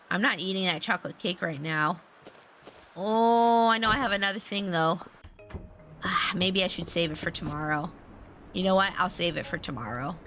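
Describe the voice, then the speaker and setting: A woman streaming a farming game, chatting casually and getting excitable and squealy over every find. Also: lowish voice, a little hiss or hum. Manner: bubbly, excitable, squeals at finds. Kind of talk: casual gameplay stream chat.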